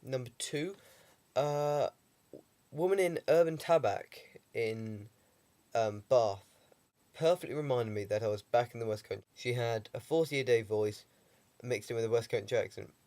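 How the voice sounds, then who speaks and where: A man's voice: mid-range voice, moderate pace, a little mellow. A young man with a heavy cold, talking through a casual video diary with dry, rambling humour and lots of ums. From England. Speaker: vlogger.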